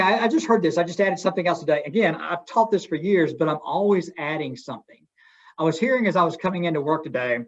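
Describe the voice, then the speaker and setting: A middle-aged man giving an interactive communication workshop in a folksy way, asking his audience questions. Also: a little high. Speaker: webinar presenter. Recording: dull lo-fi webinar audio.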